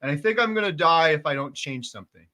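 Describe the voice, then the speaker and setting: A middle-aged man hosts a casual livestream, his voice higher and brighter than most men's. He tells the story earnestly and plainly, often chiming in. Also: animated, fast. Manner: earnest, matter-of-fact storyteller who chimes in. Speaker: host.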